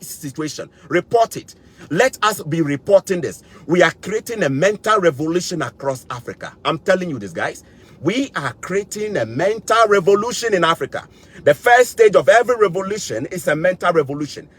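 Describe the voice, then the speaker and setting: A man's voice: fairly high pitch, husky. A young man, delivering a fervent monologue to camera and repeating his points for emphasis. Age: young adult. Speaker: vlogger.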